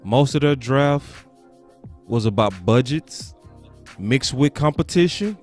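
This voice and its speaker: A man's voice: mid-range voice, expressive, takes it slowly, faint music behind. A man hosting a casual sports talk stream who speaks in slangy, emphatic repeated phrases. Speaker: sports talk show host.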